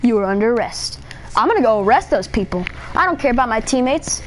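A bossy, self-important police officer barks orders in a high, strained voice, as a man puts him on while commenting on gameplay. He scolds in a pompous rapid-fire rush, and a faint hiss sits under the voice. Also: big pitch swings. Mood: stern. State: straining his throat.

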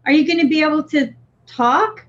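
A woman's voice: sits high, moderate pace. A woman co-hosting a livestream in casual chat, teasing and playful. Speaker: co-host of a vaping livestream. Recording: dull lo-fi audio with faint noise.

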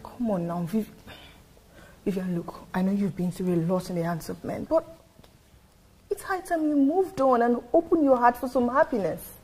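A woman playing a best friend who coaxes and gently teases. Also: medium pitch, normal speed, husky, lightly acted. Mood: coaxing. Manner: coaxing, laughing. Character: teasing, pleading best friend.

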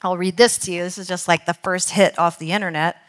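A woman teaching a Bible study in church, earnest, reading quotations slowly and now and then correcting herself. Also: fairly low pitch, steady tone. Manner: earnest, reads quotes slowly, with self-corrections. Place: church hall.

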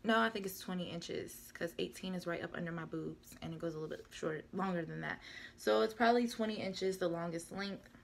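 A woman's voice: fairly low pitch, fairly quick, vocal fry, a little hiss or hum. A young woman vlogger chatting casually and rambling through a product update, often correcting herself. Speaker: beauty vlogger. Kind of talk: casual product review chat.

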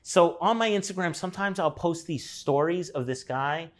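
30s guy rambling thru a story, lots of like and cussing, kinda high voice. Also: moderate pace. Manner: loose, rambling, many fillers and swearing. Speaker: artist guest. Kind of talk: casual storytelling conversation.

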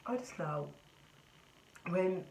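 A woman's voice: lowish voice, lively intonation, slow pace, background noise. A young woman in her twenties talking casually and emotionally to camera, earnest and rambling with restarts. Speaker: vlogger. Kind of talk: casual confessional chat. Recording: roomy, echoey, distant from mic.

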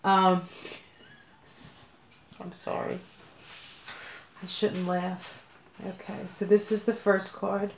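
A woman's voice: mid-range voice, level tone, slow pace, long pauses, a little hiss or hum. A woman from the United States giving a casual card reading at home, talking in a chatty, meandering way with many fillers. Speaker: card reader. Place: home room. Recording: echoey room.

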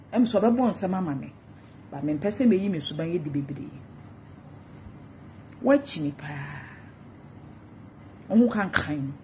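A woman's voice: lowish voice, a little hiss or hum. A Ghanaian woman ranting in a gossip vlog, repeating insults and taunts in a mocking tone. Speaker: social media commentator.

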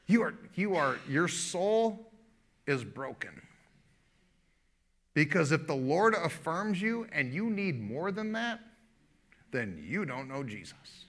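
Male pastor preaching live; emphatic and repetitive, with a bright, slightly high voice. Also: sing-song, slow, pauses often. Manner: emphatic, laughing often, repeating phrases. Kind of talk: sermon.

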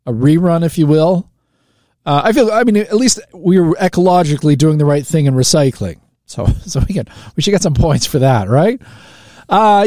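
A man's voice: fairly high pitch, warm tone, dry recording, clean studio sound. A man hosting a live talk radio show, chatting casually and joking, with lots of fillers and restarts. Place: radio studio.

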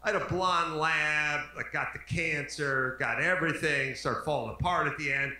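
Bright, ranting male podcast host. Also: on the high side, normal speed, heavy reverb, poor audio. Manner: profane, ranting riffs. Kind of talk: comedic podcast chat.

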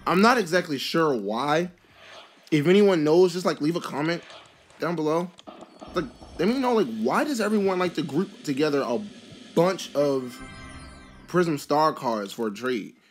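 Casual vlogger opening card packs, slow delivery, prone to excited outbursts and chatty filler; soft music bed. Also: medium pitch. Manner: excitable, bursts into exclamations; rambling, filler-heavy musing. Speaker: card pack opening video host. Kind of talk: casual pack-opening commentary.

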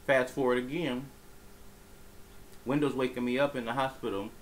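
A man's voice: mid-range voice, steady tone, normal speed, pauses often, a little hiss or hum, rough recording. A man telling a personal story in a casual vlog, rambling and profane, with many fillers and restarts.

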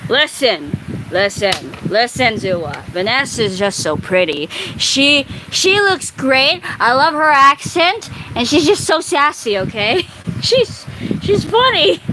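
A woman's voice: high voice, very animated, slow pace. A young woman chatting casually with friends on a stream, giggly and rambling, swearing often. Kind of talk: casual chat. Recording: noisy background.

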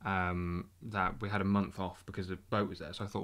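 A man's voice: deep voice, a little fast. A young man telling travel stories as a podcast guest. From Britain. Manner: animated anecdote-telling. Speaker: podcast guest, round-the-world scooter traveller. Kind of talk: casual interview storytelling.

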